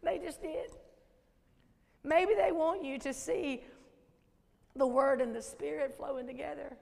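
Lively Southern woman preaching in echoey church. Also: high voice, unhurried, creaky. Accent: Southern American. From Southern United States. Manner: lively, folksy, questions the congregation. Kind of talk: sermon. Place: church sanctuary.

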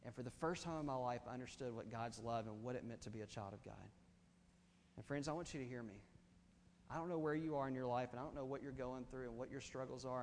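A man in his thirties preaching a sermon to a congregation, impassioned, swinging from hushed to loud. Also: mid-range voice, a little hiss or hum. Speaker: pastor. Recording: reverberant hall, faint ambience.

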